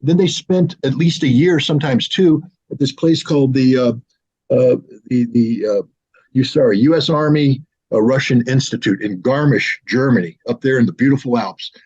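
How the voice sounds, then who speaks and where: A man in his sixties from the United States, telling a personal story in a casual, animated way on his own show. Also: medium pitch, moderate pace, slightly rough. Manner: animated, with lively mimicry of others. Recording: slightly dull lo-fi sound.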